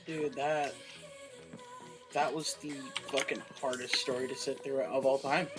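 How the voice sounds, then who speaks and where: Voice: medium pitch, flat delivery, a little slow, faint music behind. A person chiming in with blunt, profane reactions during a live stream. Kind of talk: casual chat.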